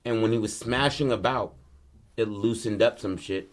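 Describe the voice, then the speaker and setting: Slangy, animated male storyteller, lowish voice. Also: normal speed. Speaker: podcast host. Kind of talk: casual storytelling.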